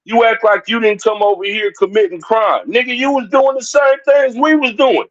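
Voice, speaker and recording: A male livestream commentator rants heatedly at his chat, confrontational and repeating his points as he addresses them directly. His very high voice keeps fairly even intonation at normal speed, over dull lo-fi stream audio.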